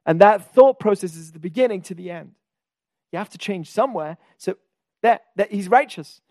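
A man with a high voice teaches a lively Torah class. He stresses key words and keeps asking his listeners questions. The sound is dry and close, with no room around it. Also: moderate pace, dry recording.

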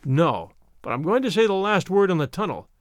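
A man's voice: high-pitched, sing-song, fairly quick, no room sound, clean studio sound. A man voicing a mocking, easygoing Irish young man in a storybook reading, teasing and patronizing.

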